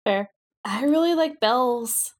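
A woman's voice: a little high, expressive, a little slow. A woman co-hosting a podcast, chatting casually in an enthusiastic, giggly way. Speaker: podcast co-host. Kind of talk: casual chat.

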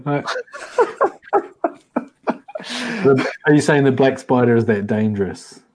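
A man playing a tabletop game, calm and asking questions. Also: mid-range voice, slow pace, crowd noise. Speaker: player. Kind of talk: casual tabletop play.

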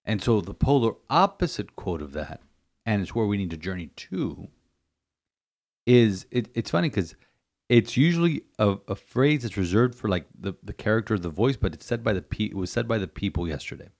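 A man's voice: fairly low pitch, lively intonation, moderate pace, darkish tone. A man who is a priest, reflecting on scripture in an emphatic, repetitive way, often restarting his sentences. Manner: emphatic, repeats phrases, stumbles and restarts. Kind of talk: podcast homily-style reflection.

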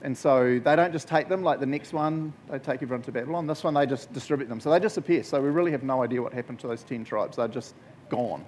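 A man's voice: medium pitch, fast talker, slight background noise. A man giving a casual, jokey Bible talk to a group as a youth preacher. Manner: jokey, conversational, animated storytelling.

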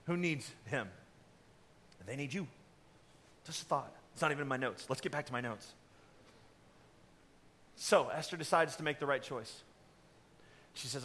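A man pastor delivering a sermon in an animated storytelling way, acting out the characters. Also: mid-range voice, normal speed, long pauses.

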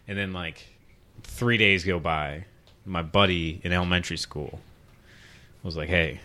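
A man chats casually on a podcast, telling crude stories and laughing often. His voice sits a bit low but sounds bright and forceful. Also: normal speed. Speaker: podcast co-host. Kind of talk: casual chat.

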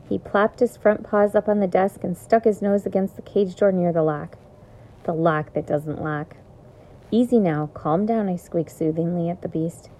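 A woman's voice: lowish voice, warm tone, low-quality recording. A woman reading a children's chapter book aloud, telling the story expressively in the first person. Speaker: reader.

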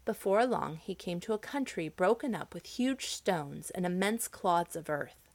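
Female storyteller, animated, dry studio read. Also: fairly low pitch, measured pace, no room sound. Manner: expressive, dramatic reading. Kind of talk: storybook narration.

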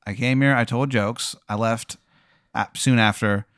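Awkward male player, hesitant and stumbling, smooth clear tone. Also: medium pitch, steady tone, unhurried, a bit bright, no echo, studio quality. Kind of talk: improvised game role-play.

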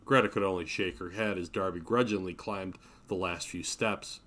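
A man reading his own novel aloud in a measured, steady narration. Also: sits low. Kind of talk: audiobook narration.

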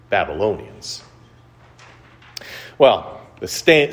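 A male pastor delivers a relaxed, conversational sermon in a fairly low voice. His pitch swings widely as he animates the story. He keeps asking the listeners rhetorical questions.

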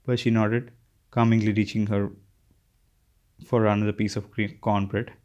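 A man reading a novel aloud as an audiobook narrator, with a steady delivery and occasional slips. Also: lowish voice, moderate pace, long pauses, dull audio. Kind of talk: scripted narration.

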